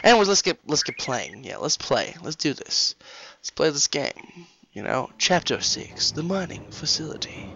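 A man giving casual, excitable commentary while playing a game, getting flustered and trash-talking it. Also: a little high, moderate pace, gravelly, hardly any pauses, dull audio. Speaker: let's play host. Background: game music and sound effects.

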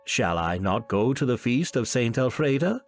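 A man's voice: medium pitch, very animated, moderate pace, soft background music. A man voicing a young noblewoman in old-fashioned speech. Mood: pleading. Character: young noblewoman, teasing, bold lady.

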